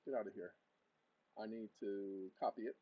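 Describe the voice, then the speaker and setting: A man hosting his own channel, giving spoken commands to a voice assistant and walking viewers through a document on screen, switching between loud orders and quiet asides. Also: fairly even intonation, moderate pace, muffled recording. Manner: talks to a voice assistant in bursts, then explains to viewers; shouts commands, then drops to a low aside. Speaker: channel host. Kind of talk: casual screen-share walkthrough.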